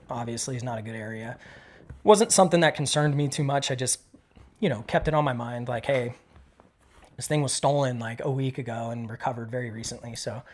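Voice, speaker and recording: A middle-aged man, a retired police dog handler, casually and profanely retelling a tense street encounter in an interview, acting out the dialogue. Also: mid-range voice.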